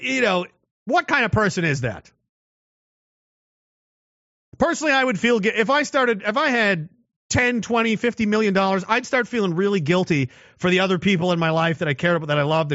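A man talking casually and giving his opinion, swinging into loud mocking voices. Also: high-pitched, no echo, lo-fi sound. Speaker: commentator.

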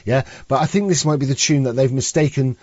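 A man's voice: mid-range voice, brisk, a little mellow, dry recording, muffled recording. A man hosting a livestream in casual, crude, rambling chat. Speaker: livestream host.

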